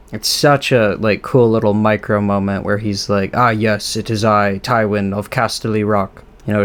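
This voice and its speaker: A man hosting an off-the-cuff episode breakdown, speaking casually, laughing often and swearing. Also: fairly low pitch. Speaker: host.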